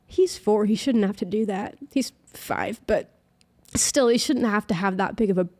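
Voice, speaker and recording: A young woman sits as a guest in an interview and tells her own story. She talks casually, leans on the word "like" again and again, and speaks at an ordinary, middle pitch. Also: normal speed, mellow. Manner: chatty, heavy use of filler "like". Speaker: podcast guest.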